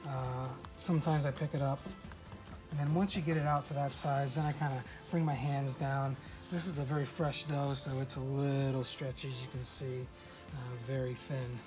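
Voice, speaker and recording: Relaxed cooking demo voice over loud music. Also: mid-range voice, normal speed, low-quality recording. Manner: relaxed, many "uh" fillers and restarts. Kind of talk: casual cooking demonstration. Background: loud background music.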